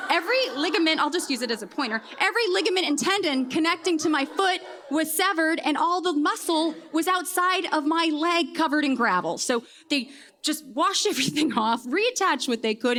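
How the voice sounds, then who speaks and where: A woman telling a personal story on stage, wry and self-deprecating, landing deadpan punchlines. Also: high-pitched. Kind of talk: comedic live storytelling.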